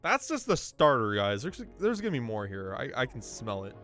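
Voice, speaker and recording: Excitable man commentating a game race. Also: mid-range voice, normal speed, faint music behind. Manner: excitable, laughs often, jumps to loud disbelief. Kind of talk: casual game commentary to chat.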